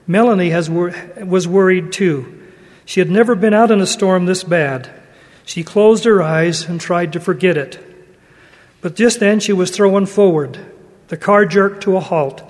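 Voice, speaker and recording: A man giving an earnest, measured sermon and reading a story aloud. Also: high-pitched, darkish tone. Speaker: religious speaker. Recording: long hall reverb.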